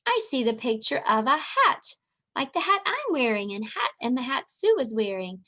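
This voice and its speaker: A woman leading a virtual preschool circle time, talking to small children in a slow, sing-song, encouraging way. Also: high voice, very animated, sharp tone. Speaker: preschool teacher.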